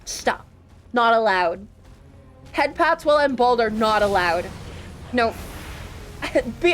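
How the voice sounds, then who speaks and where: A woman's voice: on the high side, lively intonation, slow, pauses often, a bit bright, slight background noise. A woman streaming a video game, chatting casually with her audience and playfully protesting their teasing. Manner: playful, protests teasing from chat with mock indignation. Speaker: VTuber streamer. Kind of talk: casual gaming stream chat.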